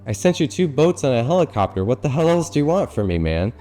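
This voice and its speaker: Brief: fed-up, blunt God in a spoken parable, pitched high, a man voicing him. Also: big pitch swings, fast, dark tone, faint music behind, lightly acted. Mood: exasperated. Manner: exasperated, blunt.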